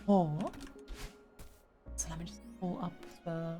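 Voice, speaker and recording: A woman's voice: sits low, little pitch movement, slow pace. A woman streamer chatting casually, reading chat aloud, with lots of fillers and restarts. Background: faint background music.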